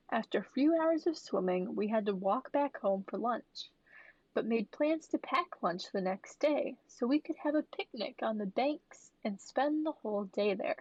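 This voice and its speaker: A woman's voice: a little high, a little mellow, no room sound, highs cut off. A woman podcast co-host who jokes playfully and reads a listener story aloud. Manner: playful, quick to joke and laugh. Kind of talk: casual chat and story reading.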